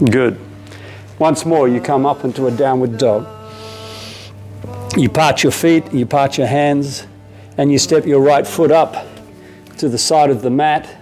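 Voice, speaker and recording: Calm Australian man guiding yoga. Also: medium pitch, a little slow, pauses often, soft background music. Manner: calm, steady step-by-step cues, casual asides. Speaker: yoga teacher. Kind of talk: guided yoga class instruction. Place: yoga studio.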